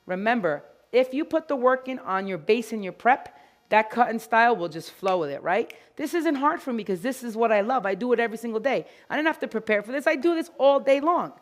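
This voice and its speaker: A woman giving a lively, jokey live dog-grooming demonstration to an audience of groomers. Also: a little high, a little fast. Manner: energetic, chatty, jokey.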